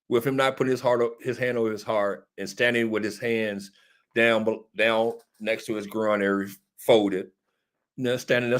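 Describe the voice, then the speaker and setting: A man hosting casual political commentary, talking directly to a live audience and answering viewers. He is emphatic and repeats his points like a sermon. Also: mid-range voice. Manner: emphatic and repetitive, preachy. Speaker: talk show host.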